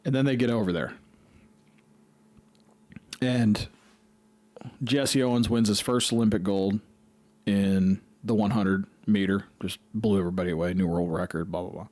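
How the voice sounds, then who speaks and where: A man's voice: fairly low pitch, steady tone, normal speed, pauses often, darkish tone, no echo. A man hosting a podcast, telling a rambling, profane story in casual chat. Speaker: podcast host.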